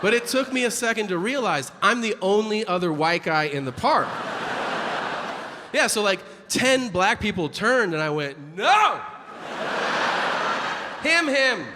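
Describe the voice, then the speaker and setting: Animated man doing a stand-up set. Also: sits high, moderate pace. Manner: animated storytelling, acts out voices and shouts. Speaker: stand-up comedian. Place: comedy stage before a live audience. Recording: live room with audience noise.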